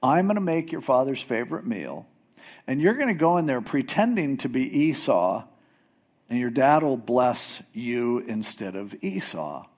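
A man's voice: medium pitch, sing-song, measured pace, darkish tone. A man doing a scheming, bossy mother. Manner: confident, conspiratorial.

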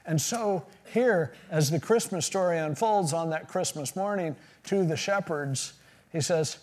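A man's voice: fairly high pitch, expressive, moderate pace, a little mellow. A middle-aged man preaching a sermon in a conversational way, with casual asides and quoted voices. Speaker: pastor.

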